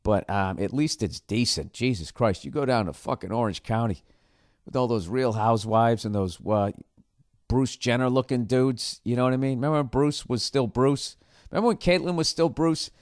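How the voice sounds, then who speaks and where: A man hosts a solo podcast, chatting casually in a rambling, sarcastic style and swearing a lot. His voice is mid-range at a normal speed, recorded at studio quality with no echo.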